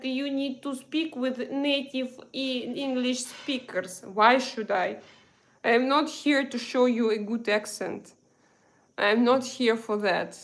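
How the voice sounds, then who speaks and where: A woman from Russia with a Russian accent, hosting a casual live chat, slow and hesitant with many fillers. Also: fairly high pitch. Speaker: live stream host. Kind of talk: casual live chat reading viewer comments.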